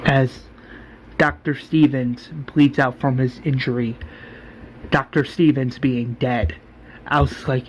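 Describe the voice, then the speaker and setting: A man's voice: mid-range voice, steady tone, takes it slowly, slight background noise. A man giving a casual, rambling spoken recap, full of fillers, acting out the lines. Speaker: fan recapper.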